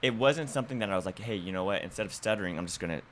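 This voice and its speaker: A man's voice: lowish voice, animated, rapid-fire, slight background noise. A man, a podcast guest, talking casually and at length, often restarting and repeating words. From California's Central Valley. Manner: talkative, frequent restarts and repeats. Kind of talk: casual conversation.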